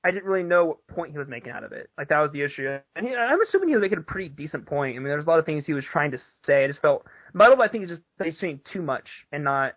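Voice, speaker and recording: A man's voice: on the high side, sing-song, very fast, few pauses, no room sound. A man chatting casually on a podcast, rambling and swearing, with frequent laughs. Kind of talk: casual chat. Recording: dull lo-fi podcast audio.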